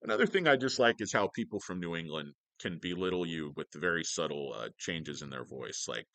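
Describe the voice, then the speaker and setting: A man's voice: low-pitched, expressive, brisk, few pauses, pushed and bright, no echo. Guy doing a stock livestream, swears a lot, jokey and rambly, up and down voice, dry sound. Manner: profane, joking, rambling.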